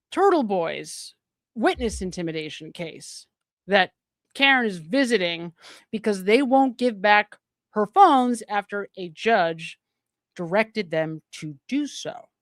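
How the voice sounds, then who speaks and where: A woman's voice: mid-range voice, animated, slow, no echo, studio quality. A woman hosting a live stream, commenting on a court hearing in an emphatic, exasperated way and repeating her points.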